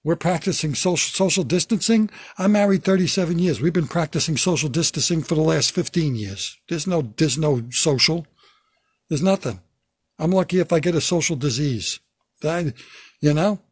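An older man with a husky, breathy voice, a touch high for a man, doing stand-up alone from his basement. He delivers wry, self-deprecating jokes in a dry, close-miked sound, breaking into loud bursts when he acts out a bit. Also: normal speed, no room sound. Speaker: stand-up comedian. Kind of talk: stand-up routine from home. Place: home basement.

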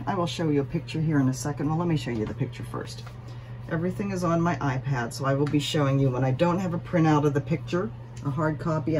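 A woman with a notably low voice chats to her viewers in a relaxed, rambling way, full of fillers and self-deprecating asides. She is recorded at home, with a faint hiss of room ambience behind her. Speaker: cross stitch vlogger. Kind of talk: casual chatty vlog.

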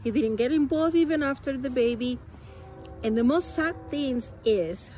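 A woman's voice: high voice, mellow, faint music behind. Earnest woman. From Spanish-speaking country. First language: Spanish. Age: adult. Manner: earnest, halting, emotional storytelling. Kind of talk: personal testimony.

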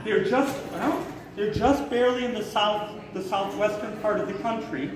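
A man giving a live talk as a raptor handler to an audience, an animated storyteller who acts out the voices and shouts in his story. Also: high voice, moderate pace. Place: hotel event room with an audience. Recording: echoey hall, far from the mic, crowd audible.

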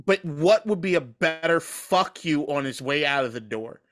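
Co-host type: male, higher-pitched, sharp bright tone, crude and animated, casual sports talk. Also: moderate pace. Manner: profane, animated, laughs often. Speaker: podcast co-host. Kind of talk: casual sports podcast chat.

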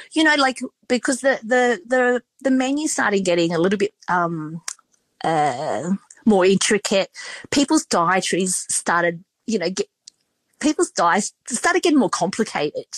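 In a dry recording, an Australian restaurant owner with a lowish voice shares stories during a relaxed podcast interview. She's talkative and emotional, and her speech is full of fillers.

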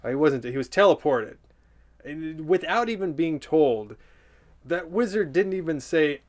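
A man's voice: a little high, expressive, unhurried. A man reading a children's storybook aloud for comedy, with sarcastic, playful asides.

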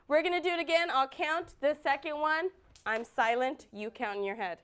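A woman leading a children's dance class, praising warmly and counting beats aloud, at times loud and at times hushed. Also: high-pitched, normal speed, heavy background noise.

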